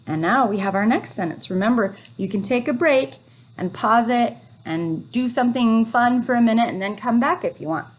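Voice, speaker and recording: A woman teacher leading a phonics lesson for young children, reading words slowly and encouragingly. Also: fairly high pitch. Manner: slow, encouraging, drawn-out reading.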